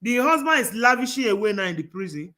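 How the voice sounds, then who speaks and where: A man with a high voice hosts a casual discussion show. His tone is bright and forceful, and he tells stories earnestly, often stopping and restarting his sentences. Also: sing-song, fast. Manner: earnest, rambling storyteller with many restarts. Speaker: talk show host.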